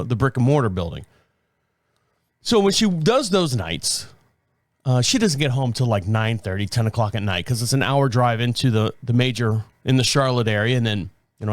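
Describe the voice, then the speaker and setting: A man in his fifties hosts his own show and chats loosely, doubling back and restarting his sentences as he goes. His voice sits at an ordinary middle pitch. The recording is dry and close, with no room sound around him. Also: no echo. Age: 50s. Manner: rambling, self-correcting storytelling. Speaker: podcast host. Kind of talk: casual solo talk.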